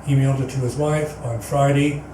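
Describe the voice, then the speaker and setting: With a steady tone and brisk pace at medium pitch, this man delivers a rambling, earnest storytelling talk as guest speaker at a spiritual center, often restarting sentences. The sound comes from a distant mic in an echoey indoor meeting hall, with background noise.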